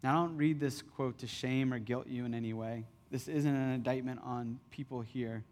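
A man in his thirties preaching a sermon as pastor, conversational and animated in his storytelling. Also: medium pitch, moderate pace. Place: church hall. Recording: reverberant church hall.

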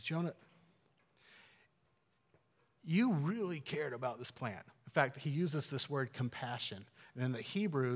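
A male pastor delivers a sermon with earnest conviction, at a medium pitch. He falls to near-hushed softness and then swells to emphatic, raised passages. His voice rings with long reverb, as in a large hall.

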